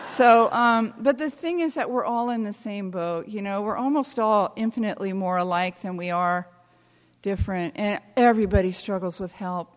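A woman's voice: a little high, moderate pace. Wry older woman telling stories in a hall. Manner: wry, self-deprecating, animated storytelling. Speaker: speaker. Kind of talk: storytelling talk to a live audience. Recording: long hall reverb.

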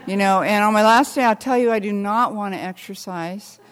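An older American woman telling stories with wry humor, talking haltingly with many restarts. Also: mid-range voice, long reverb tail. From United States. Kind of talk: reflective storytelling talk.

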